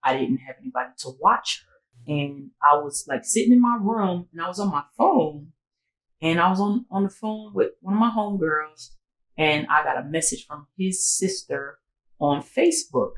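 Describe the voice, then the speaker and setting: A woman's voice: fairly low pitch, normal speed, roomy sound, poor audio. A woman co-hosting a casual storytime podcast, recounting a personal story with lots of "like" and acted-out dialogue. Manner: animated storytelling, acting out quoted dialogue, frequent "like"; sobering, emotional retelling. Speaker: podcast co-host.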